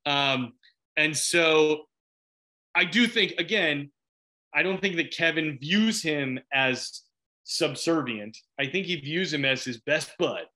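Bright-toned, laughing actor from Chicago. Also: male voice, fairly high pitch, slow pace. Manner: animated, laughs often, rambling restarts. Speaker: actor guest. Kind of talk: casual interview chat.

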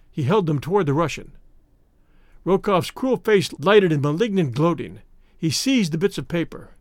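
Audiobook narrator: a man, measured delivery, dry close recording. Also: a little high, lively intonation, no room sound. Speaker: audiobook reader. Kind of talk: scripted narration.

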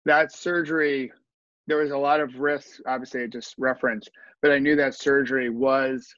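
A man's voice: medium pitch, a bit bright, dry recording, highs cut off. A man talking earnestly as a podcast guest, telling his story with asides and restarts. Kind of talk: conversational storytelling.

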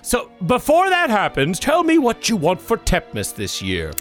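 A man's voice: sits high, huge pitch swings, normal speed, fairly bright tone, faint music behind, heavily acted. A man playing a jolly, crude giant Santa Claus in a comedy sketch. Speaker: comedy podcast host.

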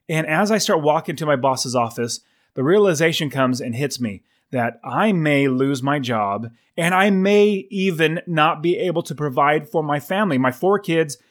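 A man in his thirties tells a personal story earnestly, and his voice sits a little higher than most men's. He acts out his own inner thoughts with lively feeling as he goes. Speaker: investor telling his story.

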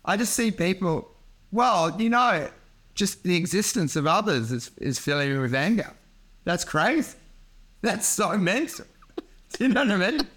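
A man's voice: high-pitched, sing-song, normal speed, fairly bright tone. A man, a comedian rambling through a casual podcast chat, laughing often and swearing freely.

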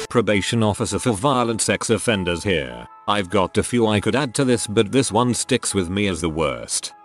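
Low-voiced man narrating grim stories. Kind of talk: scripted narration of reader stories. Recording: faint music behind. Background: faint background music.

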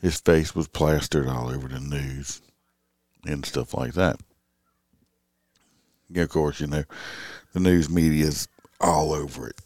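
A middle-aged man with a drawl talks through a late-night monologue in an extremely deep, low voice. He rambles and restarts, leaning on fillers as he goes. The recording is dry and close, with no room sound. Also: steady tone, takes it slowly, pauses often, darkish tone, no room sound. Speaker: police officer vlogger.

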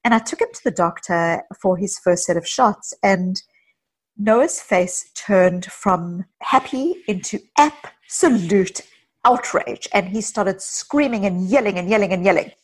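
A woman psychologist, a guest in an interview, talking earnestly and telling personal stories with quick asides. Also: mid-range voice. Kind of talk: casual interview conversation.

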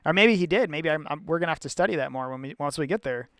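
A man's voice: on the high side, animated, very fast, fairly bright tone, smooth, dry recording, studio quality. A man in a casual bible study chat, thinking aloud with lots of restarts and repeated words.

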